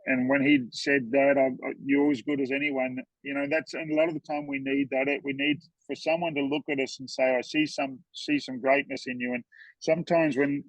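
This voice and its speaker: A man appears as a guest on a podcast, a horseman, telling heartfelt stories in an earnest way. His voice is mid-range, and he often repeats words when moved. There's no echo, but the audio quality is poor.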